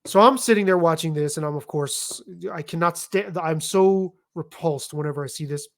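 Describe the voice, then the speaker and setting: A middle-aged man telling stories in a casual chat, animated, emphatic and liberal with swearing. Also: a little high, moderate pace. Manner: animated, profane, emphatic storytelling. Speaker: podcast guest.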